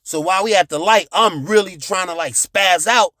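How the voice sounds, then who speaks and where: A man telling a profane childhood story, animated, with sound effects and shouted reenactments. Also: high-pitched, normal speed, dry recording, clean studio sound. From United States.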